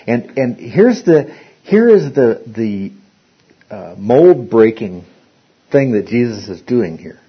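A man's voice: mid-range voice, sing-song, takes it slowly, husky. A man teaching an interactive Bible study, rambling and often repeating words as he restarts his sentences. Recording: dull lo-fi recording.

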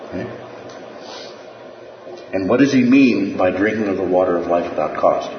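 A man's voice: low voice, normal speed, slight background noise. A man teaching a Bible class in a conversational way, often checking in with his listeners. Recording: distant, dull echoey room.

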